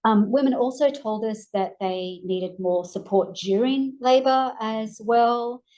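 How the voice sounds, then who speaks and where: A woman with an Australian accent presenting research findings in a measured way with frequent ums, her voice going hoarse. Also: a little high, dark tone, low-quality recording. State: losing her voice. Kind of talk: academic presentation.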